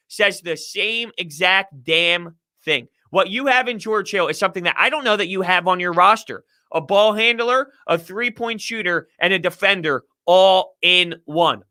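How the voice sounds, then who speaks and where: A male sports talk host riffs on viewer questions with fired-up, opinionated energy. His voice sits high for a man and comes across piercingly bright. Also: moderate pace. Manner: animated, opinionated ranting. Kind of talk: live-stream sports talk.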